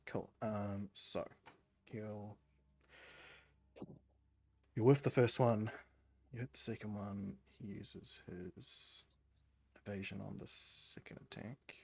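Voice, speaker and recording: A man running a tabletop game over voice chat, easygoing and full of ums. His voice has a gravelly edge and a husky grain. He sounds relaxed as he calls the turns. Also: fairly low pitch. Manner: laid-back, frequent ums and quick laughs. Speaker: game master.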